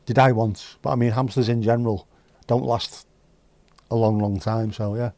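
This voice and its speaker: A man's voice: mid-range voice, fairly even intonation, moderate pace, a little mellow, no room sound. A man hosting a livestream, chatting casually and reading out viewer comments with rambling, dry joking asides. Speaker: livestream host.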